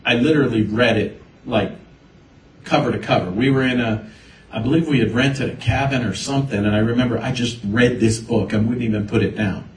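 A man with a medium-pitched, brisk voice preaches a sermon of personal testimony, recorded from a distance in a roomy, echoing space with a little hiss or hum. He tells his own story and animatedly quotes the people in it.

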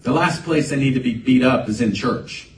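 A man's voice: mid-range voice, moderate pace. A man preaching a conversational sermon as a pastor, building to emphatic bursts. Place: church sanctuary. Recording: echoey room, voice from a distance, faint ambience.

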